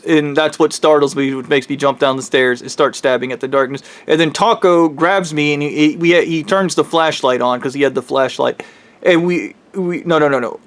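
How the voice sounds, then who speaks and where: A man's voice: a little high, a bit bright. A man telling a true spooky story in a casual, rambling way, swearing and correcting himself as he goes.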